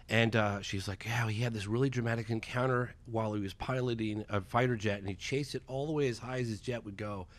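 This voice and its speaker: A man in his forties, a documentary filmmaker, telling a story as a podcast guest and acting out the dialogue in a lively way. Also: lowish voice. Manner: lively, acts out quoted dialogue, fast and excitable. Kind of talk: animated storytelling in a podcast interview. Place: podcast studio.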